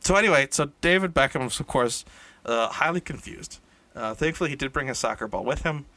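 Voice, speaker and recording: A man spins an improvised comic tale in a loose, rambling way, stopping to fix his own words and chuckling along. His voice is bright and ringing, and the sound is close and dry with no room echo. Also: medium pitch, animated, a little fast. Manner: rambling, self-correcting, laughs at own jokes. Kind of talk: casual improvised comic storytelling. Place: indoor room shared with a co-host.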